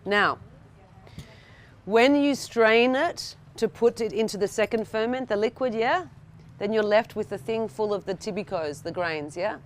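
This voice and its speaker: An Australian woman leads a cooking workshop for a live group in an indoor room with an audience present. Her mid-range voice moves at an unhurried pace, and she chats, checks in with the people watching, and often starts her sentences over.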